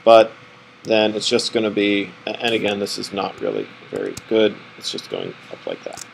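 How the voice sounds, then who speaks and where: A man's voice: lowish voice, huge pitch swings, normal speed, vocal fry, a little hiss or hum, rough recording. A man teaching a math lesson, rambling and correcting himself as he draws on the board. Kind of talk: classroom lecture.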